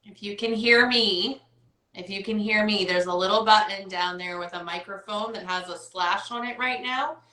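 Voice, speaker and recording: A woman's voice: mid-range voice, normal speed, sharp tone, echoey room, rough recording. A woman hosting a casual wellness chat over a video call, talking in a chatty, upbeat way with lots of fillers and asides. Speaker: host.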